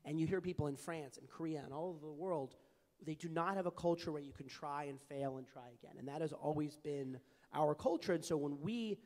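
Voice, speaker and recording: A young man with a fairly high voice speaks earnestly on a panel, telling personal stories with plenty of fillers and restarts. His voice rings out with a long reverb, as if he is in a large hall. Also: brisk, a little mellow. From California. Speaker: panelist, advocacy group founder. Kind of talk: panel discussion. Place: large hall at a public forum.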